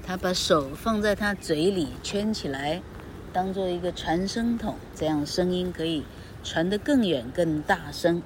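A woman reading a children's storybook aloud and explaining it in a slow, expressive teaching manner. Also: on the low side, slight background noise.

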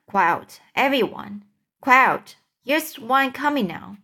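A woman reading aloud and voicing a brave, quick-thinking young boy who gives urgent commands. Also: sits high, animated, pushed and bright, voice pushed up, heavily acted.

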